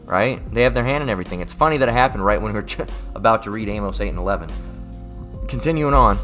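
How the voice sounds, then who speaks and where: A man giving a casual livestream Bible lesson. He rambles, repeats words and keeps adding "all right?", and he reads scripture aloud slowly and deliberately. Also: on the low side, expressive, fairly bright tone, soft background music. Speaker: online scripture teacher.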